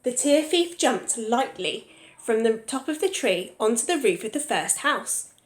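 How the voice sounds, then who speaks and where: A woman teacher reading a picture book aloud to young children, pausing to ask them questions. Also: a little high, big pitch swings, reverberant.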